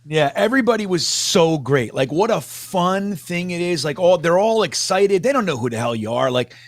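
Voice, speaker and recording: A man sits on a fan podcast panel, telling chatty, excitable stories. His voice is notably high for a man. The sound is dry and close, with little room. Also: normal speed, no room sound. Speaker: panelist and fan channel creator. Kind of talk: casual panel chat.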